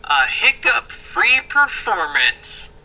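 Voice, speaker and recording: Storyteller for kids, woman, slow and bright. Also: mid-range voice, big pitch swings, poor audio. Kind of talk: children's story reading.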